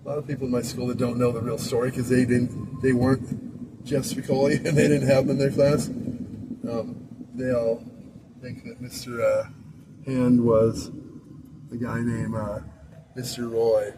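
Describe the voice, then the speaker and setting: A man's voice: mid-range voice, little pitch movement, measured pace, pauses often. A man in his sixties from Southern California tells a loose, rambling story about his school days, chuckling often. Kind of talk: casual rambling anecdote. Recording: clear traffic noise behind.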